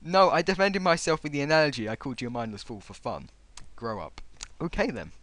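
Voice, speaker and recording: A man's voice: on the high side, very animated, quick pace, fairly bright tone, no room sound. A man reading out online comments and mocking them, sarcastic and exasperated.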